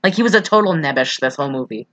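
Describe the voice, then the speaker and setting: A woman's voice: low-pitched, expressive, very fast, lo-fi sound. A woman co-hosting a casual podcast, chatting and joking through a movie recap with lots of fillers. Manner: chatty, jokey, lots of "like" and restarts. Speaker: podcast co-host.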